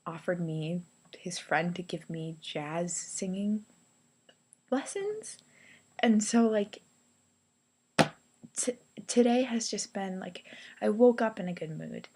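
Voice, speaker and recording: Young woman vlogger, casual excited storytelling, slightly low voice, lots of "like" and "um", recorded in a hostel lounge. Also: slightly rough. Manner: chatty, excited, many "like"s and "um"s. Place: youth hostel hangout space.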